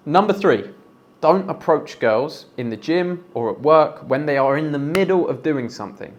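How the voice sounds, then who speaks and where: A young man giving blunt, profane dating advice in a direct, conversational monologue. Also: medium pitch. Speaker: dating coach.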